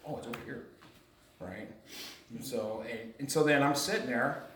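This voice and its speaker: A man telling a rambling, animated story to a small group in casual chat, laughing often. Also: mid-range voice, moderate pace. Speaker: retreat guest telling his story. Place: home on a mountain top. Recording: roomy sound from far off.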